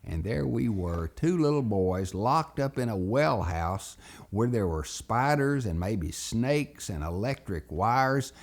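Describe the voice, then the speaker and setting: A man's voice: fairly low pitch, slow pace. A man telling a childhood story as a lesson for children, acting out every voice. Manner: animated, acts out voices.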